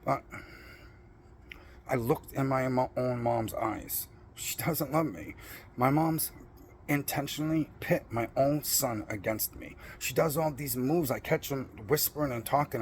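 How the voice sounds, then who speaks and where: A man's voice: medium pitch, unhurried. Man, middle-aged, profane, boastful, defiant rant, mid-range voice, faint background hiss. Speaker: vlogger. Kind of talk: blunt personal rant.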